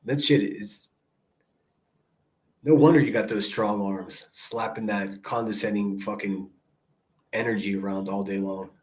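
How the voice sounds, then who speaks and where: A man's voice: lowish voice, fairly even intonation, a little slow, pauses often, darkish tone. A man hosting a livestream, giving blunt, rambling commentary full of swearing. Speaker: livestream host. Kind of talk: profane casual commentary.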